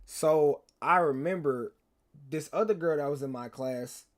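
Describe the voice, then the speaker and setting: A man's voice: fairly high pitch, measured pace. A young man, telling a rambling, slangy story to his stream chat and teasing viewers. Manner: rambling, slangy, repeats himself, teases chat.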